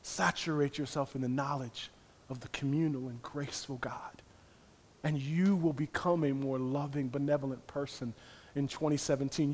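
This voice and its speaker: A man preaching a sermon in repeated rhythmic phrases, swinging from hushed near-whispers to loud impassioned cries. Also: medium pitch, fairly even intonation, moderate pace. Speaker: pastor.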